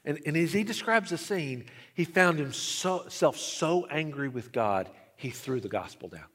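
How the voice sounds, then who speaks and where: A man preaching a sermon, telling a story and swinging between hushed lines and emphatic ones. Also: a little high, expressive, measured pace. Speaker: pastor. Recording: long reverb of a large hall.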